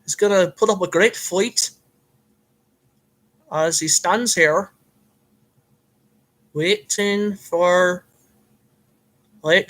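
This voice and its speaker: A man's voice: high-pitched, a bit bright, rough recording. A man voicing a self-styled Irish fight commentator with a put-on, slightly off Irish accent, in comic play-by-play that is hammy and full of rambling fillers. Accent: put-on Irish, admittedly a bit off.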